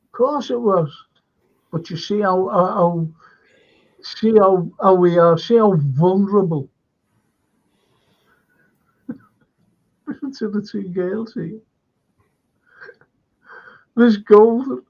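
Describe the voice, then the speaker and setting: Man, livestream host, slow rambling chat, dull lo-fi audio. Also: sits high, gravelly, a little mellow, breathy edge. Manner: chatty and rambling, laughs often. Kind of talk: casual chat, reading out viewer comments.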